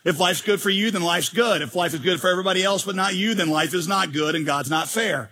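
A man's voice: high voice, fast, bright, forceful tone, slight background noise. A male pastor preaching a sermon with emphatic delivery, rhetorical questions and jokes.

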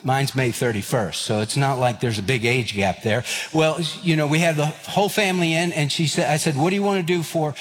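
A man, preaching a sermon and telling stories with lively acted-out voices. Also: on the high side, fairly quick, hardly any pauses. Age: 50s. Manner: animated, acts out quoted voices and escalating lines. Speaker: pastor. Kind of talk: sermon with storytelling. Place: church sanctuary. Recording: long hall reverb.

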